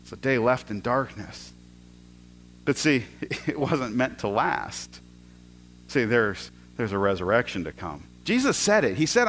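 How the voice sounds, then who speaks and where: A male pastor preaching a storytelling sermon, swinging from excited rises to hushed asides and often repeating words. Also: mid-range voice, measured pace, slight background noise.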